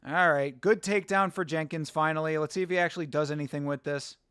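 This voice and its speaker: A young man from the States hosts a fight watch-along stream, reacting loosely to chat and cursing casually. His voice sits a bit high, and it is recorded close and dry. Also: fairly even intonation, quick pace, a bit bright, clean tone, no echo. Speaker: livestream host.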